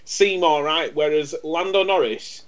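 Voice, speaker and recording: This man's voice sits on the high side and moves unhurriedly as he co-hosts a casual podcast. He tells a rambling story, tripping over and repeating his words, and the recording has a dull lo-fi quality.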